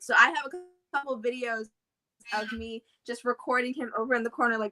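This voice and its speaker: A young woman, the host's daughter, chatting casually and telling animated, mocking family stories. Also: high voice, moderate pace, poor audio. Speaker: daughter of the host, co-guest. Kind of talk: casual storytelling chat.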